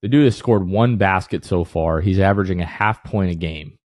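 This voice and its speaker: On a laid-back sports podcast, this co-host works himself into a heated rant before offering a mock apology. He speaks at normal speed in a low, darkish voice, captured at studio quality with no echo.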